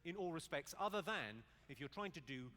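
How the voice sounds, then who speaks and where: A man's voice: fairly high pitch, expressive, a little fast. A male stand-up comedian working the crowd in a live arena. He talks dry and cutting, swears freely and mimics regional accents. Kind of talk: stand-up set with crowd work. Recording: loud audience noise from a stage recording.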